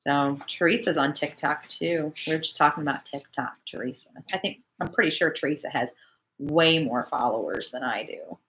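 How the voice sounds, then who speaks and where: Woman in her 40s, livestream host, chatty and animated, bright forceful voice, lowish pitch. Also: moderate pace. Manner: chatty, animated, reacts to viewer comments. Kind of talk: casual livestream chat reading comments.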